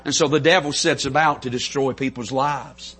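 Fervent country preacher from North Carolina. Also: male voice, steady tone, normal speed, husky. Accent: Southern US, North Carolina. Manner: fervent, builds to shouts, drops to soft intimate lows. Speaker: pastor. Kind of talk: sermon. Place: church sanctuary.

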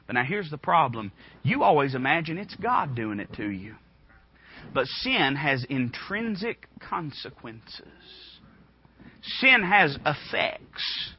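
A man preaching a sermon, impassioned and swinging between loud and hushed, with a husky voice. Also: fairly high pitch, big pitch swings, slow pace, lo-fi sound, slight background noise.

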